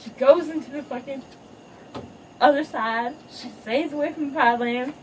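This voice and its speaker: A woman's voice: sits high, moderate pace, darkish tone. A woman casually retelling a cartoon movie as a crude comic recap, rambling and profane. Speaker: storyteller. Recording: faint noise, distant home mic.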